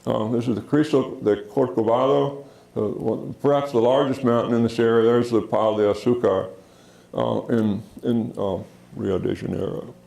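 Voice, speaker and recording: A man giving a public science lecture in a theater, unhurried, with frequent fillers and restarts. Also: mid-range voice, fairly even intonation, creaky, dark tone, reverberant, rough recording. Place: theater auditorium.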